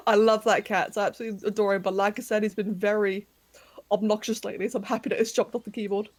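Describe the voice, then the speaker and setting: A young woman game streamer chats casually with viewers from her home bedroom while playing, giggling often. Her medium-pitched voice is expressive and quick.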